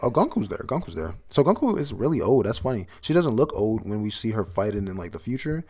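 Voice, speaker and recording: Reading a comic chapter aloud, this reviewer reacts bluntly as he goes, cursing freely and laughing at the twists. He talks fast in a fairly low, darkish, very animated voice.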